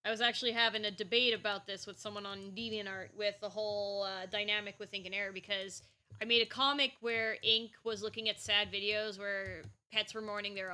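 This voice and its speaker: A woman streamer talks casually while she draws, in a chatty, playful, rambling way. Her voice is bright and forward. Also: mid-range voice. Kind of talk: casual chat while drawing.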